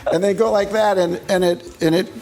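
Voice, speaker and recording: Older American man, chatty anecdotal storyteller, a bit higher-pitched. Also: steady tone, a little fast, crowd noise. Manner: rambling storyteller, laughing, restarts. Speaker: actor telling stories on talk shows. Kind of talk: casual anecdotes.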